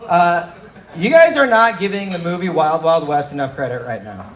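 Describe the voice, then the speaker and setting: Young male stand-up, fairly high voice, loose and animated storyteller, echoey live room. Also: moderate pace, background noise. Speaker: stand-up comedian. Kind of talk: open mic stand-up set. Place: small bar and coffee venue.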